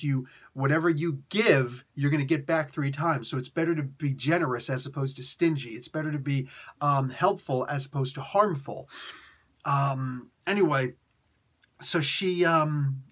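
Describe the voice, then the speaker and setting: A man hosting a comic book review, chatting in a casual, animated way with jokey asides. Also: a little high, husky.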